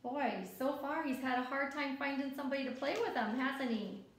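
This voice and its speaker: A woman reading a children's picture book aloud, gently expressive and asking her young listeners questions along the way. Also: high-pitched, normal speed, hardly any pauses. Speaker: children's story reader. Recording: echoey room.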